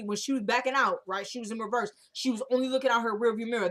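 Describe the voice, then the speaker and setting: A woman casually recapping a TV drama episode, opinionated and chatty, acting out characters' lines as she retells the scenes. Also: on the high side. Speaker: show recap host.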